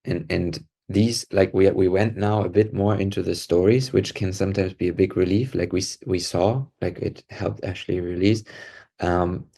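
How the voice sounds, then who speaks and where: A man co-hosting a podcast who calmly guides an emotional release exercise with gentle, encouraging affirmations. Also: low voice, normal speed, vocal fry. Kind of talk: calm guided facilitation.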